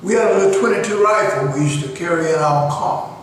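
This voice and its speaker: An older man hosting a show, telling young people a moral lesson in a slow, deliberate, preaching way. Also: high voice. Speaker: show host. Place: jail cell, steel and concrete. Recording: echoey cell, far from the mic, faint hiss.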